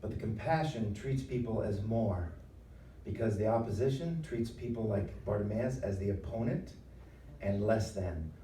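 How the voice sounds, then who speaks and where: A former pastor giving a conversational, emphatic talk at a live event, acting out voices with humor. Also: male voice, on the low side, normal speed, dark tone, slight background noise. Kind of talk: preaching talk. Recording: roomy hall sound, mic at a distance.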